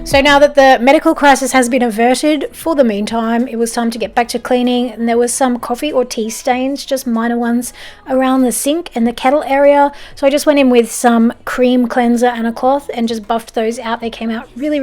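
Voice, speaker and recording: Australian woman, somewhat high voice, casual vlog voice-over, chatty and lightly amused. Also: steady tone, brisk, darkish tone. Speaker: home and lifestyle vlogger.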